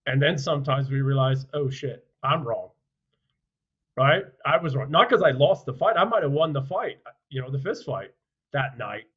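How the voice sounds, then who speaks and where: A man speaking as a podcast guest, telling stories bluntly and forcefully, with profanity and rhetorical questions. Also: mid-range voice, animated, a little fast, husky, dull audio. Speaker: podcast guest, author and former soldier. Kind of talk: forceful conversational storytelling.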